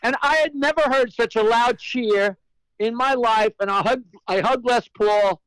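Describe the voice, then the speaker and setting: A man's voice: extremely high pitch, a little slow, a bit bright, clear, resonant tone, dry recording, poor audio. A man telling a brash, profane anecdote as a guest comedian, acting out the voices of the people in his story. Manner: brash, profane joke-teller; acts out quoted voices.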